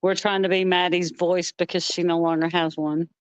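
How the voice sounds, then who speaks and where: A woman with a Southern US accent co-hosting a casual livestream chat, brisk and matter-of-fact. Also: on the low side, little pitch movement, clean tone, dry recording. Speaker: co-host.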